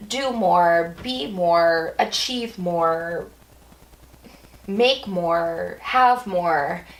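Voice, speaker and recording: Reflective woman vlogger with a gravelly edge. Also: mid-range voice, low-quality recording. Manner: thinking aloud, with restarts and playful exclamations. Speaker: yoga instructor and vlog host. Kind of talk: casual reflective vlog talk.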